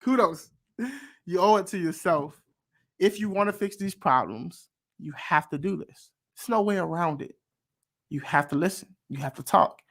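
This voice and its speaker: Animated man, fairly high voice. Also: moderate pace. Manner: animated, preacher-like call and response; emphatic, repeats phrases for stress. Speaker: reaction video host. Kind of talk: casual commentary.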